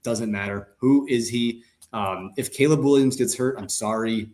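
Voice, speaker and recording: Speaking at a moderate pace with hardly any pauses, a medium-pitched man co-hosts a sports podcast. The talk is casual and animated, with jokes, lots of fillers and repeated restarts.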